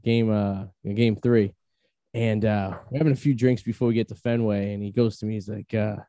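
A man hosting a podcast, telling rambling stories in a casual chat, laughing often and filling pauses with "uh". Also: fairly low pitch, steady tone, dark tone, dry recording. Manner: rambling, laughing, many fillers. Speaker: podcast host. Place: Massachusetts.

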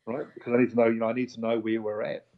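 A middle-aged man, a chef, talks through his past in a relaxed interview, with a pitch in the ordinary range. He gets animated and slips into other people's voices as he tells the stories. The sound is a little dull and muffled. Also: rapid-fire. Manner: candid, animated storyteller, acts out quoted voices, swears. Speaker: chef and restaurant owner, guest. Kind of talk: casual conversational interview.

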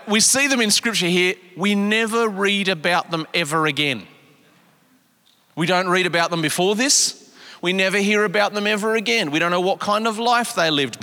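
A middle-aged man preaches to his church, his tone bright and sharp with a touch of height. He swings between hushed asides and raised, emphatic lines. Long reverb trails his words through a large auditorium. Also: high-pitched. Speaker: pastor. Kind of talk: sermon.

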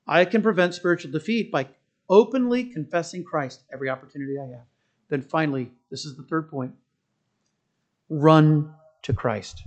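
Middle-aged man, pastor, sermon, storytelling, impassioned build-ups, slightly higher voice. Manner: storytelling, rising to loud impassioned preaching.

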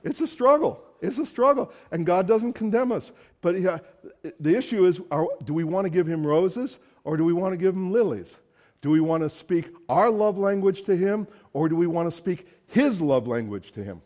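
Mellow, conversational preacher man. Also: high voice, expressive, normal speed. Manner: conversational storytelling, casual asides. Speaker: pastor. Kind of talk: sermon.

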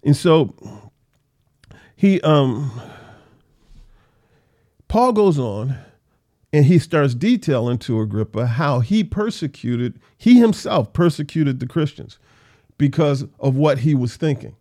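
A man's voice: on the high side, animated, takes it slowly, pauses often, mellow. A man teaching a casual Bible study, reading verses aloud and explaining them conversationally, with frequent restarts.

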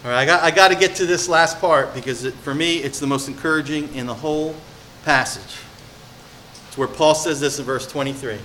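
Bright-voiced preacher, hushed then emphatic. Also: male voice, fairly high pitch, a little fast, slight background noise. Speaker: pastor. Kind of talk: sermon.

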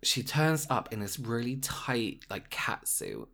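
A man in casual conversation, spinning a work story with lively, exasperated energy. His voice sits at an ordinary middle pitch. He talks in an easy, chatty, storytelling flow. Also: slow pace, gravelly. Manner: animated storyteller, exasperated retelling. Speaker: makeup artist. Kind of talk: casual chat.

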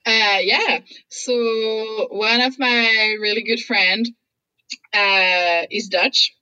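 A woman's voice: fairly high pitch, fairly even intonation, extremely slow, pushed and bright, clean tone, no echo, highs cut off. A woman whose first language is French, chatting as a guest and telling stories with frequent laughter. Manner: chatty storyteller, laughs often. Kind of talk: casual conversation.

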